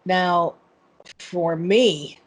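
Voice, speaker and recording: A woman explaining a tarot spread in a measured, thoughtful way, reading its meaning intuitively. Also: lowish voice, poor audio. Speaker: tarot expert guest.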